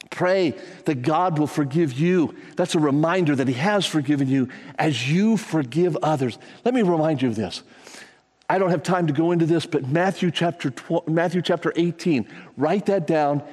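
A man preaching a sermon as a pastor, talking to the congregation in a conversational way and acting out scripture stories with lively energy. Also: a little high, breathy edge. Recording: long reverb of a large hall.

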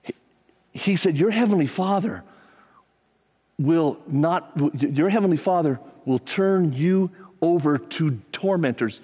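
A man with a slightly raised, husky voice, preaching to his congregation. He talks conversationally and breaks into animated retellings of scripture stories. His voice rings out with the long reverb of a large hall. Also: fairly high pitch, a little slow. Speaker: pastor. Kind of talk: sermon.

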